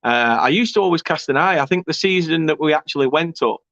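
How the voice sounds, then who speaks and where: Young bloke chatting football on a stream, cheeky n sweary, kinda dull dry mic sound. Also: male voice, on the high side, lively intonation, quick pace, a bit bright, no echo. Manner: chatty, banter-filled, swearing, laughing asides. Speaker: fan channel host. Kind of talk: casual live-stream chat reading comments.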